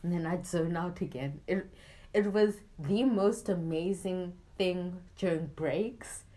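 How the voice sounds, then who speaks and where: Young woman, lowish voice, animated personal storyteller who acts out the dialogue and laughs easily. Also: takes it slowly. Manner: animated, acts out quoted exchanges, laughs often. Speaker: guest.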